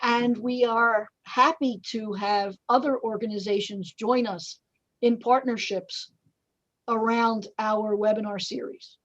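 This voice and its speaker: A woman with a fairly high voice co-hosts a live webinar and teases in a dry, playful way. Her audio sounds dull and lo-fi. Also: steady tone, takes it slowly. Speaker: webinar co-host.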